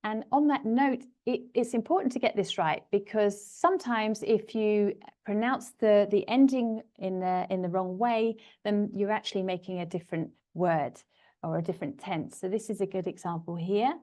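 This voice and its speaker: A woman's voice: mid-range voice, moderate pace, dark tone. A woman teaching English pronunciation in a webinar, explaining patiently and overpronouncing example words over a computer mic. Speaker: language teacher. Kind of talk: webinar lesson.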